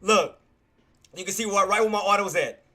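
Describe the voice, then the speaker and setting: A male streamer giving live trading commentary, excitable, repetitive and quick to apologize. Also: high-pitched.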